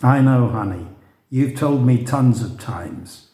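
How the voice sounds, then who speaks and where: A soft, girlish young wife, sweet and slow to speak, as a man reads her part. Her lines come mellow and unhurried, carried in a roomy, echoing space. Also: medium pitch, lively intonation. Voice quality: soft and light.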